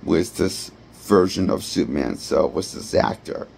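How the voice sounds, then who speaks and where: A man's voice: deep voice, measured pace, gravelly, darkish tone, a little hiss or hum. A man giving a rambling, blunt and profane movie review. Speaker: movie critic. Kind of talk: ranting film review.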